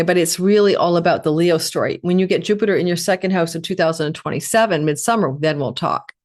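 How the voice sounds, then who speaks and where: A Canadian woman with a voice on the low side gives an astrology forecast in a chatty manner, stacking up lists of words and slipping in asides.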